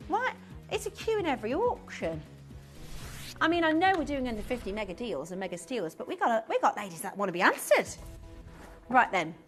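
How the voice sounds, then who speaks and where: A woman with a high, slightly bright voice presents on a live shopping channel from a TV studio. Her selling chat is chatty and full of rhetorical questions.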